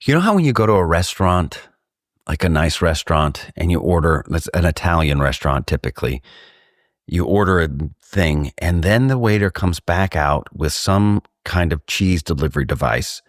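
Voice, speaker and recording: A man from Texas co-hosting a podcast, telling rambling, animated stories in casual chat. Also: deep voice, normal speed, no echo, clean studio sound. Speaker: podcast co-host.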